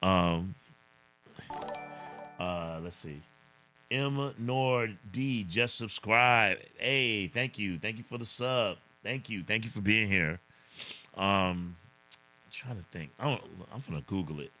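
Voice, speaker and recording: A man's voice: lowish voice, slow pace, long pauses, sharp tone, faint music behind. A man hosting a casual livestream, reading viewer comments in a laid-back way, chuckling often and saying "man" a lot. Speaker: livestream host.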